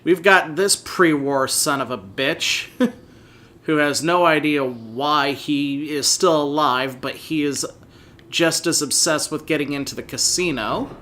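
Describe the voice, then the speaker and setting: A man's voice: a little high, slow, pushed and bright. A man hosting a let's play, doing playful mock-interview commentary with easy laughs and hesitant fillers.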